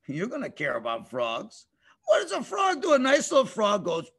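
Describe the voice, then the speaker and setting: Man teacher, children's story, very lively, husky, bright, video call. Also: high-pitched, normal speed. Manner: animated, playful, with sound effects.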